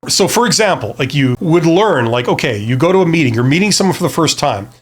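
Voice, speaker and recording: A man gives relaxed career advice straight to camera, speaking in a slightly high voice. He rambles, pokes fun at himself and keeps restarting his sentences with plenty of fillers. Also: fast talker, husky. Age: adult past his early twenties. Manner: rambling, self-deprecating, many fillers and restarts. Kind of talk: casual advice talk to camera.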